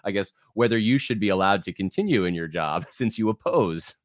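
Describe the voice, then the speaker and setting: A man's voice: fairly low pitch, lively intonation, brisk, no echo, clean studio sound. A man hosting a podcast, talking loosely and reading out listener comments to his guest. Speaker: podcast host. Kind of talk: casual interview talk.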